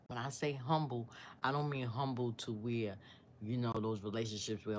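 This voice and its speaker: A woman in her sixties telling a personal story on her channel, earnest and devout, rambling as she searches for words and sometimes dropping to a hushed near-whisper. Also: extremely low pitch, a little slow, slight background noise. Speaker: storyteller vlogger.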